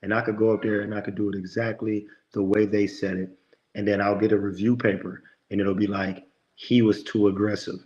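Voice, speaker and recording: Homme au ton emphatique de prédicateur, son un peu étouffé. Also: male voice, on the low side, little pitch movement, brisk, darkish tone, highs cut off. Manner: emphatic, preachy, lots of quoted self-talk. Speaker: podcast guest, motivational speaker. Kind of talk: conversational interview talk.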